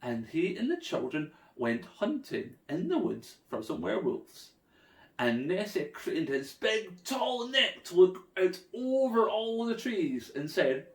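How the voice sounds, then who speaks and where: A man telling a playful, animated story for children. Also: high-pitched, slow, recorded from a distance. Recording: echoey room.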